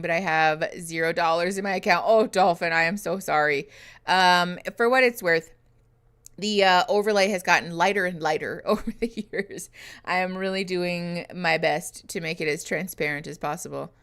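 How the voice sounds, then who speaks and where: A woman's voice: on the low side, a bit bright, clear, resonant tone. A woman in her thirties hosting a live reaction stream, chatting playfully with viewers, teasing and laughing often. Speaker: host reacting to a show live. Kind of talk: casual livestream chat.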